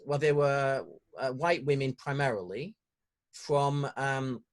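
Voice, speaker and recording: A man with a northern English accent hosting an interview podcast, talking in a hesitant way with many pauses and restarts. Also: mid-range voice. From northern England. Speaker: podcast host. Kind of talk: conversational interview.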